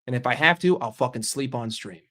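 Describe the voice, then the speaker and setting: A man hosting a casual live stream and bantering with his chat in an animated, profane way. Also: medium pitch, a little fast. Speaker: livestream host.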